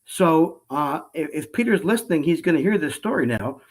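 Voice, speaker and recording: Chatty man hosting with a raised pitch. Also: animated, normal speed. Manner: chatty, eager, talks in restarts. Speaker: podcast host. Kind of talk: casual interview chat.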